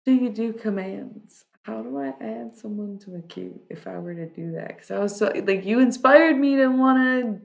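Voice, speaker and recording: A woman's voice: mid-range voice, gravelly, darkish tone. A woman livestreamer chatting casually with her viewers, rambling and laid-back, with lots of fillers and restarts.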